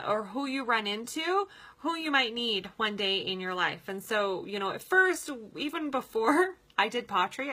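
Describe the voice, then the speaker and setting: A woman's voice: fairly high pitch, bright, forceful tone. A woman giving a casual coaching talk as a sales team leader. She sounds upbeat and chatty, laughs often and uses many fillers.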